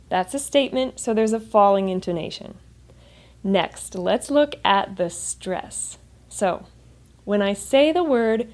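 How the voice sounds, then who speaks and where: An American woman teaching English pronunciation in a clear, upbeat manner, modeling sounds slowly for the listener. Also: mid-range voice, darkish tone. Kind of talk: scripted English lesson to camera.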